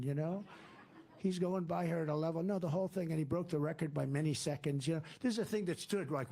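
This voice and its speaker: Guy at a campaign rally going off on tangents, kinda raspy, rough gravelly tone, repeats himself a lot. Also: a little high, a little mellow. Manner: rambling, digressive, repetitive. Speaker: political candidate. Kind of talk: rally speech.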